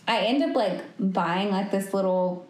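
A woman's voice: medium pitch, a little slow, darkish tone. A young woman co-hosting a podcast, chatting casually, laughing often and acting out what people said. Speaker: podcast co-host. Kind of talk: casual chat. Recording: echoey room.

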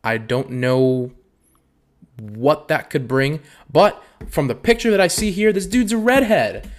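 A man's voice: on the high side, unhurried. A young man hosting a podcast, reading dating bios aloud and riffing on them with profanity and frequent laughter. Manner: profane, animated, laughs a lot. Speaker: podcast host. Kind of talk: casual comedic commentary.

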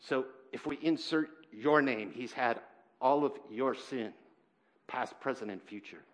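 A man preaching a sermon in church, earnest and halting, swinging between loud emphasis and quiet, heavy moments. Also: medium pitch. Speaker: pastor.

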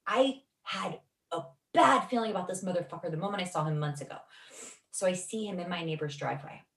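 A woman's voice: on the low side, fairly quick. Emotional, profane woman telling a story. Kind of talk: casual spoken storytelling. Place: Los Angeles. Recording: echoey room, distant from mic.

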